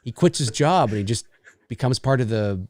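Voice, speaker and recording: A man hosting a casual movie watch-along podcast, chatty and excitable. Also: medium pitch, moderate pace, dry recording. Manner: chatty, excitable, many restarts. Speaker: podcast host.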